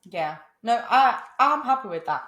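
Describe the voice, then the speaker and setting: A woman's voice: a little high, big pitch swings, normal speed, fairly bright tone, reverberant. A young woman co-hosting a podcast, speaking frankly and bluntly in casual chat. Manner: frank, blunt, laughs easily. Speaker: podcast co-host.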